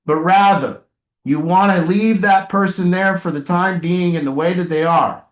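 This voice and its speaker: A man's voice: sits high, moderate pace. A man leading a recovery group session, coaching members in a blunt, emphatic way with casual swearing. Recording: roomy echo.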